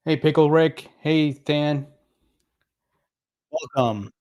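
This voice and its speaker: A man's voice: fairly high pitch, very slow, darkish tone, no echo, lo-fi sound. A middle-aged man with a New Jersey accent hosts a casual crypto livestream, reading viewer comments aloud and greeting people by name in an upbeat, chatty way.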